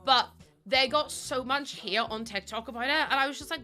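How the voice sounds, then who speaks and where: A young woman streaming a game, chatting quickly with her viewers while feeling a bit run down. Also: high voice, pushed and bright, soft background music. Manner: fast-talking, chatty. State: under the weather, a bit run down. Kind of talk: casual live-stream chat while playing a game.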